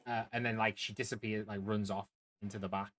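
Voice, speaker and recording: A man running a tabletop game as dungeon master, narrating haltingly with many restarts. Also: lowish voice, level tone, fairly bright tone, poor audio.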